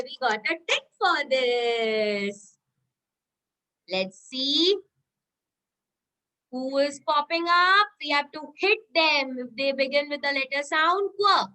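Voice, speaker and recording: A woman's voice: sits high, lively intonation, takes it slowly, long pauses, sharp tone. A woman kindergarten teacher giving an online lesson to young children, coaxing and cheering in a sing-song, exclamatory way.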